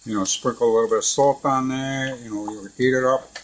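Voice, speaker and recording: A middle-aged man chats casually in his home kitchen while he cooks with his son. His voice sits at an ordinary pitch, and he tells his story in an animated way, laughing often. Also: fairly quick. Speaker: father cooking with his son. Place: home kitchen beside a deep fryer.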